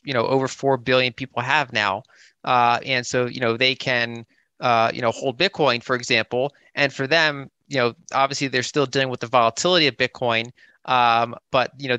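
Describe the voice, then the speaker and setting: A man's voice: medium pitch, bright, forceful tone, clean tone, dry recording. A man speaking on a conference panel, hesitant, with many fillers and restarts.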